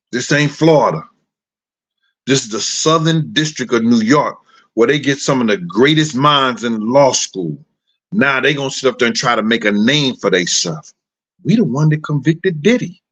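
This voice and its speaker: Animated man doing street-talk commentary. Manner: animated, swings into high put-on voices and laughs; street slang, addresses viewers directly. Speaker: commentary show host. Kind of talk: casual commentary.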